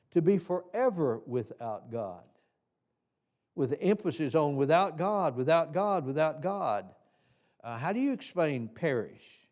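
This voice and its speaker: A man's voice: a little high, a little mellow. Folksy man teaching in church. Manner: folksy, halting, with many restarts and fillers. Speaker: Sunday school teacher trainer. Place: church hall.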